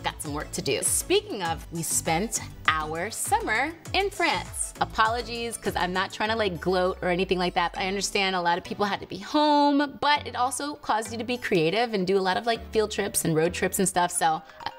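A woman's voice: medium pitch, lively intonation, moderate pace, faint music behind. A woman hosting her own show, chatting casually to the camera in a bubbly way and laughing often. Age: adult with a teen daughter and a baby. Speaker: host.

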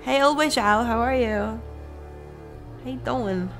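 A woman streaming a video game, chatting casually with viewers, sarcastic and profane, often breaking into loud laughter. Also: a little high, takes it slowly, gravelly, faint music behind. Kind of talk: casual let's-play commentary.

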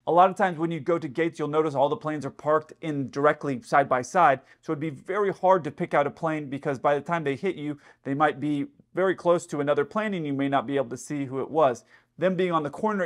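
Airline pilot host, slightly higher voice, chatty explainer, casual commentary. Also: male voice. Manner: chatty, explanatory, speculating aloud.

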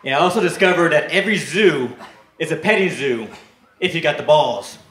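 A young man doing a stand-up comedy set, telling deadpan stories and breaking into brief put-on voices. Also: fairly high pitch, fairly quick. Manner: deadpan storytelling with brief shouted character bits. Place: comedy club stage. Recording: echoey club with loud crowd.

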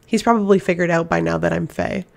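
A woman's voice: lowish voice, steady tone, fast talker, vocal fry, a little mellow. A woman voicing a stern male Fae warrior prince with a curt, dry way of speaking, in an audiobook. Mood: guarded.

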